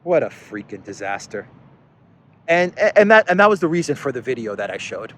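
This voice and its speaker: A man's voice: medium pitch, big pitch swings, moderate pace. A man delivers an unscripted commentary monologue in a loose, conversational way. His tone runs sarcastic and exasperated, and he readily mocks the officials he talks about. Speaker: political commentary host.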